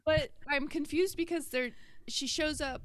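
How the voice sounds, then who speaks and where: A woman's voice: high-pitched, fairly even intonation, a little slow, dry recording. A woman musician guest in a casual interview, talking in a hesitant, rambling way.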